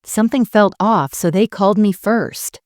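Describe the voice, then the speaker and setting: A woman voicing a calm, steady husband who speaks firmly and grimly, in a dry recording. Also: mid-range voice, moderate pace, dry recording, pitched above the performer's own voice, lightly acted. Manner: calm, unwavering.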